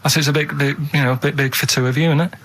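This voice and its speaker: A man in his thirties chatting on a radio show, telling stories in a blunt, deadpan way from a studio. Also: a little high, racing. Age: 30s. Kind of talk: casual radio chat.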